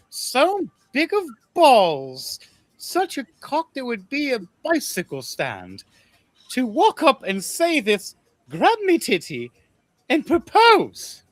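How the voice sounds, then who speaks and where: A man's voice: very high-pitched, huge pitch swings, slow pace, fairly bright tone, no echo, pitched above the performer's own voice, exaggerated voice. Man putting on a lusty giant queen. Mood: flirty awe. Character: huge lusty female ruler, bold and pushy.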